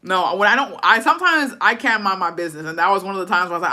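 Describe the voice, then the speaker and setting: Bright-voiced, foul-mouthed young woman storyteller. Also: mid-range voice, racing. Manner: profane, blunt, animated storytelling; mixes Spanish phrases into English. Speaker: livestream host. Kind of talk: casual storytime rant.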